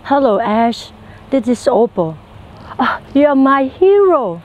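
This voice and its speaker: A woman voicing a sweet young woman named Opal, with a high, sing-song voice. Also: very animated, takes it slowly, a little mellow, heavily acted.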